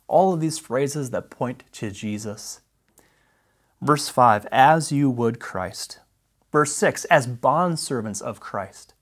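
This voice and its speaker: Man preaching a deliberate, emphatic sermon. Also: mid-range voice. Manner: emphatic, deliberate teaching with slowed key phrases. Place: church.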